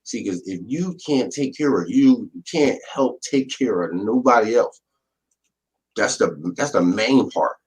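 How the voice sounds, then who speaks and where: Low-voiced laid-back young man. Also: expressive, measured pace, darkish tone, low-quality recording. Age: young adult. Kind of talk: casual chat.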